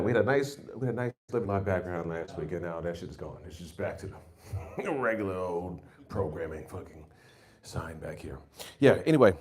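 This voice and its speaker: A man's voice: deep voice, normal speed. A man in his forties doing an open-mic stand-up set, rambling and profane, telling stories with lots of restarts. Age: 40s. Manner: profane, rambling, animated storytelling. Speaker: stand-up comedian.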